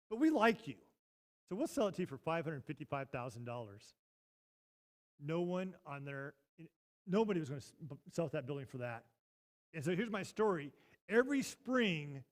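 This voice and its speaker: Storytelling is how this high-pitched pastor delivers his sermon in the church sanctuary. Animated throughout, he climbs to loud peaks and then falls back to soft, hushed remarks.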